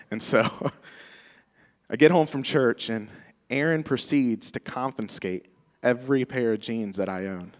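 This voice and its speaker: A man's voice: medium pitch, measured pace, pauses often, big-room sound. A man giving a tribute speech to a church congregation, telling personal stories in a conversational way and laughing often. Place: church sanctuary.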